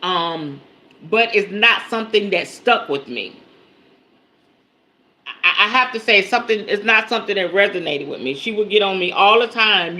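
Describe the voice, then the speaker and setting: A woman leads a spiritual teaching on a livestream in a bright, forward voice. She speaks casually and directly to her audience, often checking in and repeating her points for emphasis. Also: mid-range voice, moderate pace, pauses often. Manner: emphatic, repeats key phrases.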